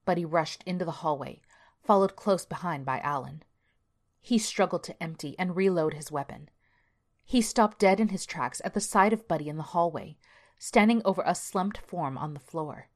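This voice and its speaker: A woman narrating a scripted horror story in a measured, steady way, sometimes dropping to a near-whisper. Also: fairly low pitch. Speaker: podcast narrator.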